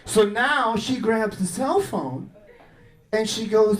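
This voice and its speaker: Male stand-up comic, high and lively, acts out a domestic quarrel, echoey room. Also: slow pace. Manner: animated storytelling, acting out both sides of a quarrel. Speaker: stand-up comedian. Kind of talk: stand-up comedy set. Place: comedy club stage with audience laughter.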